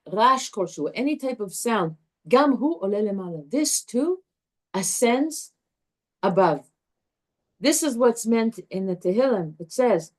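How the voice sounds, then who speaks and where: A woman teaching a live Torah class to a group, animated and chatty, restarting her sentences often. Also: a little high.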